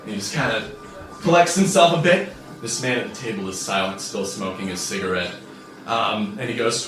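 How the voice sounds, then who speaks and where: A man narrating as game master in a tabletop game, telling it in a casual, relaxed way with frequent fillers, recorded in a roomy space away from the mic with faint music. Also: lowish voice, normal speed, distant mic.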